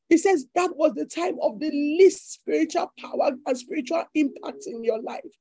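A woman's voice: high-pitched, expressive, normal speed, hardly any pauses, mellow, no room sound, low-quality recording. A woman preacher delivering a fervent sermon with repeated declarations.

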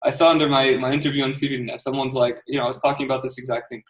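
A man's voice: mid-range voice, flat delivery, rapid-fire, far from the mic. A diaspora Armenian man, a guest entrepreneur in an interview, talking with passion and emphasis and often repeating words. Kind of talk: casual interview talk. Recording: roomy, off-mic sound.

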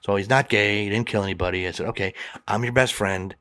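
Guy telling a story on a podcast, lowish voice, dry close mic, does the voices of everyone in it. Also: fast talker, no room sound. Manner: animated, acts out both sides of the dialogue. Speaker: guest telling a personal story. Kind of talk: conversational storytelling.

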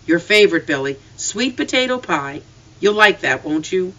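A tender, patient rural mother, voiced by the storyteller, speaking softly to soothe her son. The tone is bright and clear. The recording sounds slightly distant and muffled. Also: medium pitch, animated, normal speed, close to an everyday voice. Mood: coaxing. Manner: soft, comforting.

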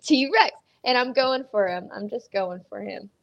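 A woman's voice: medium pitch, unhurried, vocal fry, lo-fi sound. A woman hosting a podcast in casual chat, joking and laughing, swearing casually. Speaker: podcast host.

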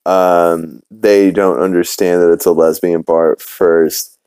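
Brief: low, dark-voiced male podcast host, rambling casual recap, dry close mic. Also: level tone, takes it slowly, clear, resonant tone, dry recording. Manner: rambling, filler-heavy, swears casually.

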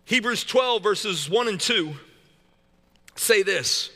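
A man pastor delivers a sermon with a high, very bright and forceful voice. His delivery is casual and joking, full of repeated words and restarts. The sound rings out with the long reverb of a large church hall. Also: expressive, slow.

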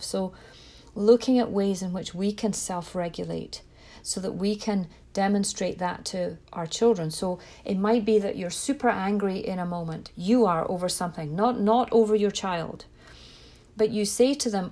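A woman's voice: mid-range voice, moderate pace, dark tone. A woman giving parenting advice in an earnest, reflective way. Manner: earnest, reflective, with small restarts. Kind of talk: direct-to-camera parenting talk.

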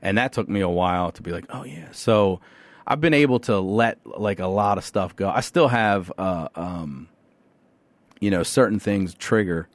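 This is a middle-aged man with a lowish voice, recorded close and dry in a podcast studio. He tells personal stories bluntly and candidly, and he swears easily along the way. When he quotes someone, his voice leaps up in pitch. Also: normal speed, dry recording. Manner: animated, swears freely, acts out quotes with jumps in pitch. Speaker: podcast guest. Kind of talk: candid conversational storytelling.

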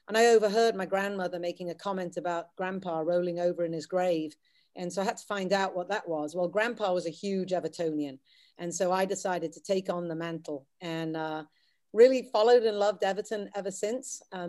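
A woman's voice: fairly low pitch, a little mellow. A middle-aged woman from the Wirral with a light Scouse accent touched by American, chatting casually as a guest. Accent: light Scouse mixed with American. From the Wirral, England. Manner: chatty and self-deprecating, with many restarts. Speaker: podcast guest; English teacher. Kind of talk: casual chat.

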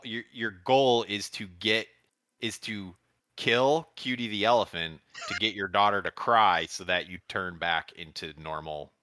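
A man's voice: fairly low pitch, bright, forceful tone, dry recording. A man co-hosting a casual podcast chat, telling a story with rambling restarts and frequent laughs. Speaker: podcast co-host.

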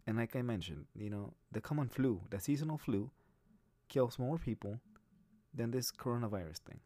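A man's voice: mid-range voice, animated, moderate pace, warm tone, dry recording. A man hosting a solo podcast, talking bluntly and profanely in a rambling way with many restarts. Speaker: podcast host. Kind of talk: casual solo podcast monologue.

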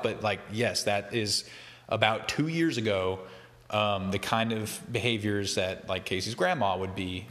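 A man's voice: on the low side, bright, forceful tone, in a large hall. A man talking casually in a rambling, conversational way, with lots of fillers and self-corrections. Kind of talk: casual monologue.

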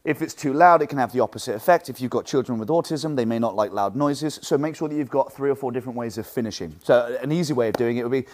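Animated martial arts instructor man. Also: mid-range voice, fast, few pauses. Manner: animated, acts out what students and teachers say; loud projecting voice from the diaphragm. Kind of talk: teaching talk to fellow instructors.

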